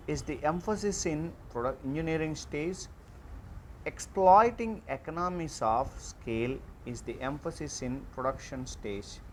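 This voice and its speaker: A man giving an online class lecture, reading out slide points in a slow, halting way with frequent fillers. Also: fairly high pitch, a little hiss or hum.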